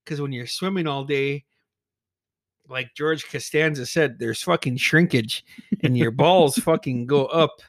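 A man's voice: mid-range voice, measured pace, dry recording, studio quality. A man telling a childhood story in casual chat, swearing freely, laughing often and acting out his friends' voices. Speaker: podcast co-host.

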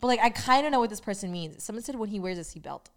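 A young woman co-hosts a podcast in relaxed, casual talk. She laughs a lot and is chatty, giving dramatic reactions to her sister's stories. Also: mid-range voice, racing. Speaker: podcast co-host. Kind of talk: casual chat.

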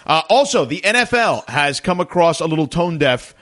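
Animated male sports radio host. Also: fairly high pitch. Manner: animated, many "uh" fillers, quick promo reads. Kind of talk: call-in sports radio talk.

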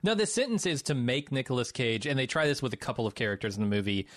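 A man's voice: medium pitch, animated, fast talker, dry recording. Sardonic, swearing man on a dry mic. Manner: sardonic, swears freely, laughs easily. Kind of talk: casual movie-review chat.

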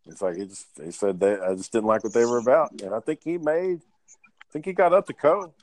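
A man's voice: medium pitch, a little fast, darkish tone. A man telling profane, laid-back work stories in casual chat.

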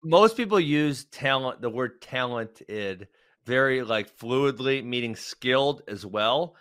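A man co-hosting a wrestling talk show in casual chat, loose and quick to laugh. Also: medium pitch, lively intonation, a bit bright, clear, resonant tone, no room sound, clean studio sound. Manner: laughs often, chatty and loose.

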